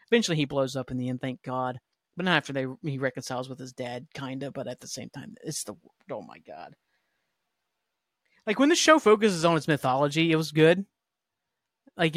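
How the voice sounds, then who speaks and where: A man's voice: on the high side, a bit bright, no room sound, studio quality. A man hosting a podcast, ranting casually with lots of swearing and filler words. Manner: profane, ranting, heavy use of "like". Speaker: podcast host.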